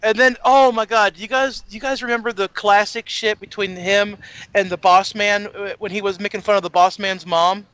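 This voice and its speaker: Excitable podcast co-host, male; high, bright, dry studio sound. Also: moderate pace, clean tone, no echo. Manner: excitable, swears, repeats words. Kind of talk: casual wrestling chat.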